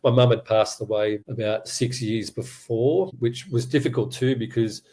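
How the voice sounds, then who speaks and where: A man's voice: mid-range voice, moderate pace, dark tone. A middle-aged man telling his life story candidly, often retelling conversations in quotes. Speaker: podcast guest. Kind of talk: personal storytelling.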